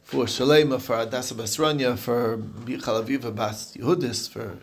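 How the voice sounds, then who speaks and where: Man teaching a lively Talmud class. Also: mid-range voice, normal speed. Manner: storytelling, conversational, fielding questions. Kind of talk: daily Talmud page lesson.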